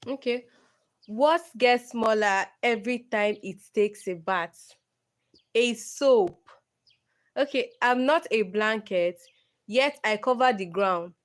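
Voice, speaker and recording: A young woman hosting a casual livestream, slowly reading riddles aloud and answering them herself. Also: mid-range voice. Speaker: livestream host.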